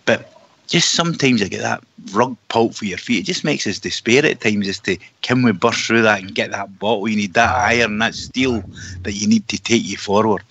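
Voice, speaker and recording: A man's voice: on the low side, normal speed, a bit bright, breathy edge. A man on a fan radio panel, earnest and wry in turns of phrase. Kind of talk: casual radio chat. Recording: muffled stream audio.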